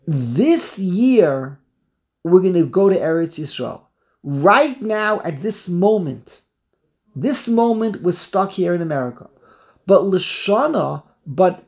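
Gravelly-voiced man teaching a Torah class. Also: high-pitched, unhurried. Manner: animated teaching, repeats phrases, mixes Hebrew and Yiddish words. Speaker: rabbi teaching. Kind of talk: Torah class on the Passover Haggadah.

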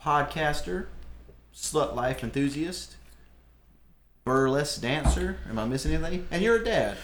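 A man's voice: a little high, expressive, a little slow, background noise. A man co-hosting a podcast in casual chat, playful and tripping over his introductions. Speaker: podcast co-host.

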